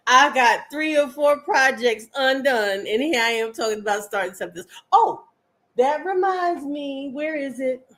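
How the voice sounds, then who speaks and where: A woman's voice: sits high, animated, moderate pace, a bit bright. An older woman hosting a live crafting stream, chatting in a rambling, homey way with viewers and her pet.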